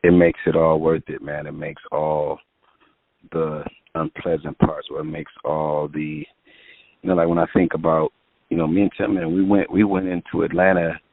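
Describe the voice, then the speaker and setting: Man, very low voice, rambling storyteller, phone-like sound, dry. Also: level tone, moderate pace, gravelly, no room sound. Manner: rambling anecdotes with many fillers. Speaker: music producer guest. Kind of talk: casual storytelling interview. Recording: tinny phone-line sound.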